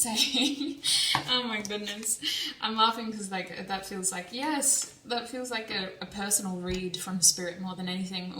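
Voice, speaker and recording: A woman's voice: medium pitch, sharp tone, a little hiss or hum. A young woman giving a casual tarot reading, chatty and laughing often as she thinks aloud. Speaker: tarot reader. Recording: echoey room, a bit distant from mic.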